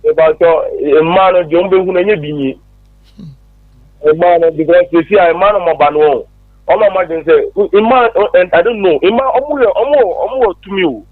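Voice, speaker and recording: A man's voice: high-pitched, normal speed, no echo. A man calling in to a radio show, making his point emphatically and switching into English now and then. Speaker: caller. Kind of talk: phone-in opinion. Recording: phone line.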